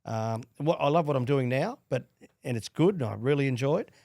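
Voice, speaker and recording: Gravelly middle-aged Australian man telling stories. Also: medium pitch, fairly quick, no echo, studio quality. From Queensland, Australia. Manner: animated storyteller with restarts and laughs. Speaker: guest, former rugby league player and coach. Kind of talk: casual storytelling interview.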